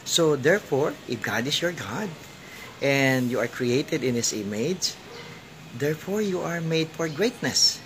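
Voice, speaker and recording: A man's voice: on the high side, lively intonation, measured pace, a bit bright, slight background noise. A man with a Filipino accent preaching a sermon, repeating phrases for emphasis and asking his listeners questions.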